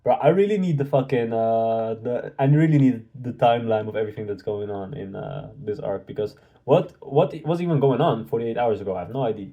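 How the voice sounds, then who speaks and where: A man hosting a live manga reaction, excitable and slangy as he reads and comments. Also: medium pitch, a little fast, few pauses, narrow, tinny audio.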